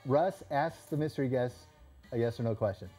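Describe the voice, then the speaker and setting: A middle-aged male radio host speaking in a measured way and addressing his guest formally. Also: medium pitch, over music. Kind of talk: casual radio talk.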